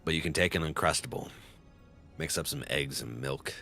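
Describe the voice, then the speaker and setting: A young man casually chatting on a live game stream into a close microphone, excitable and jokey, laughing often and reading chat aloud. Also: very deep voice, moderate pace, vocal fry, faint music behind. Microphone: close desk microphone.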